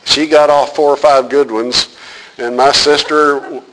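Conversational pastor, fairly high voice. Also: male voice, steady tone, measured pace, background noise. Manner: storytelling, conversational with fillers; asks the congregation questions. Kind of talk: sermon.

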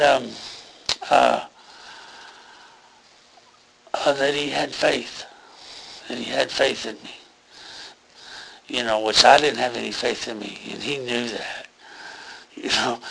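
A man's voice: mid-range voice, gravelly, bright, forceful tone, poor audio. A man giving an earnest, rambling personal testimony about a near-death experience, full of fillers and restarts.

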